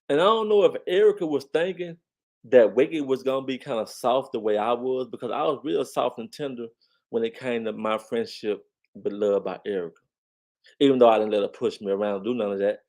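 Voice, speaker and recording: Emphatic man talking straight to viewers. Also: fairly quick. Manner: emphatic, repeats phrases, addresses viewers directly; lively swings in pitch and loudness when stressing a point. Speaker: commentary channel host. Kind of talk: casual commentary on online drama.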